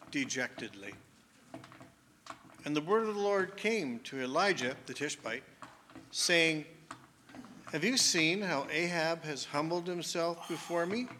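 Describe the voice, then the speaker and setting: A man from the group reading scripture aloud in a measured, deliberate way. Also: fairly high pitch, sharp tone, a little hiss or hum. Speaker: congregation member reading scripture.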